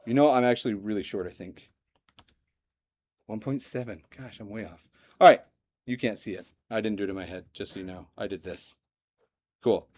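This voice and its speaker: A man teaching a math lesson to a classroom, lively and joking, often asking the students questions. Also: lowish voice, moderate pace, pauses often. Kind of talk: classroom lecture.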